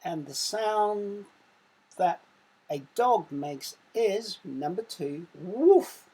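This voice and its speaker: A woman with an English accent, a primary school teacher reading a quiz slowly and carefully in a recorded online lesson, giving sound words extra emphasis. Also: lowish voice, lively intonation, darkish tone, breathy edge, rough recording.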